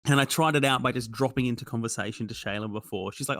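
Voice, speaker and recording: A man's voice: mid-range voice, fast talker, a bit bright, no echo. Dry-sounding rambling man. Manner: rambling, self-mocking, lots of ums and restarts. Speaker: podcast co-host. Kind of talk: casual chat about games.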